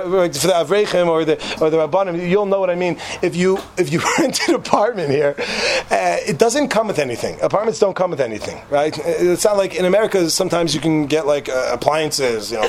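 A young man with a rather high voice tells a personal story to a live audience. He jokes as he goes, breaks off into asides and restarts his sentences. A faint background hum sits under his voice. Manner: animated, joking, lots of restarts and asides.

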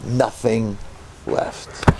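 A man in his sixties from New York telling a story in a sermon, with dramatic swings from hushed murmurs to loud outbursts. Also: fairly low pitch, flat delivery, very slow, very noisy. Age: 60s. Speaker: religious teacher.

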